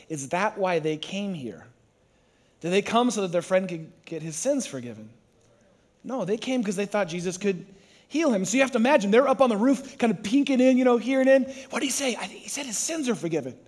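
A man's voice: sits high, lively intonation, fairly quick, darkish tone. A man preaching a sermon to a congregation, who tells the story with energy and acts out the voices. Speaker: pastor.

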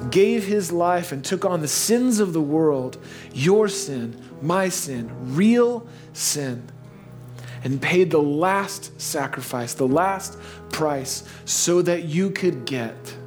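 A man with a slightly higher voice preaches a sermon with soft music underneath. He moves from a casual, storytelling manner to slow, hushed earnestness. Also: lively intonation. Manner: storytelling, swings between playful baby talk and slow hushed earnestness. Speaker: pastor.

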